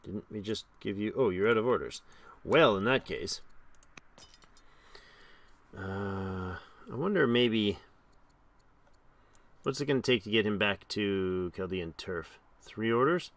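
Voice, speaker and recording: A man giving casual, chatty commentary while playing a strategy game, reading the game's text aloud and reacting with animated exclamations. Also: on the low side, takes it slowly, pauses often, no echo. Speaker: game streamer.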